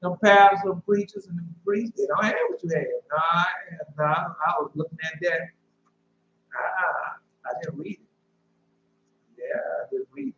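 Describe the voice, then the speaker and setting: A man's voice: sits high, normal speed. A man preaching an informal sermon, reading scripture and breaking into loose, conversational asides. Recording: echoey, dull lo-fi room recording with faint hum.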